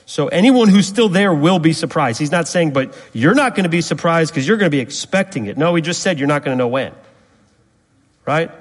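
A man preaching an expository sermon, building to emphatic rising repetitions and asking the congregation to fill in words. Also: a little high. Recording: long reverb of a hall.

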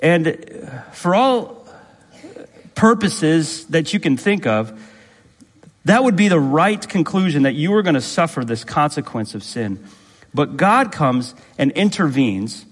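A man's voice: on the high side, big pitch swings, takes it slowly. A man preaching a sermon as pastor, emphatic and repetitive, asking the congregation rhetorical questions. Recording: long reverb in a hall.

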